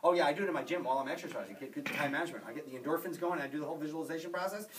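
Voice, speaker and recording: A man giving a motivational talk to an audience, energetic and emphatic, with repeated phrases. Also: on the high side, racing, noisy background. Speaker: motivational speaker. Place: office meeting room. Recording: distant mic in a room.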